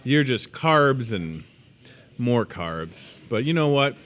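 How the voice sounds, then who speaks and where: A man's voice: medium pitch, slow pace. Casting: thirties male host, playful and jokey, casual promo patter, mid-range voice. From moved to Iowa as a student. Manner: playful, joking, animated. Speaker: store show host.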